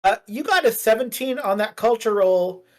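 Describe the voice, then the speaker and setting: A woman's voice: a little high, lively intonation, normal speed, darkish tone. A woman narrating as game master of a tabletop role-playing game, chatty and meandering, with many fillers and restarts.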